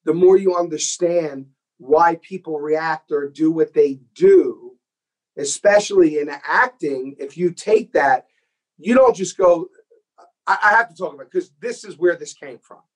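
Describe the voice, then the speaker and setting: A man interviewing an actor, animated and enthusiastic, acting out scenes as he tells the story. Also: a little high, a little slow, rough recording. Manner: enthusiastic, acts out quoted scenes. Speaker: host and filmmaker.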